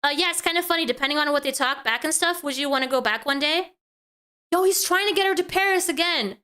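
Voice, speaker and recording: A woman's voice: sits high, fast, sharp tone. A woman VTuber giving reaction commentary, reading messages aloud and breaking in with exasperated, incredulous remarks.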